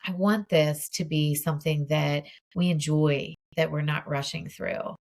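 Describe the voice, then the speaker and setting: A woman's voice: low-pitched, fairly even intonation, a little slow, a little mellow. A woman in her forties, a mindset coach, casually talking viewers through a tapping exercise in a chatty, open way. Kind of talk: guided tapping demonstration.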